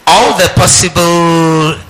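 A man asking a question from the floor, hesitant and halting, thinking aloud as he speaks. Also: fairly high pitch, flat delivery, fairly bright tone, low-quality recording.

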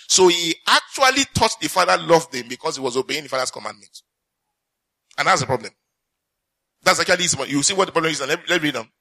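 A man's voice: on the high side, expressive, quick pace, pushed and bright. A man preaching a sermon, reading scripture aloud, repeating lines for emphasis and putting questions to the congregation.

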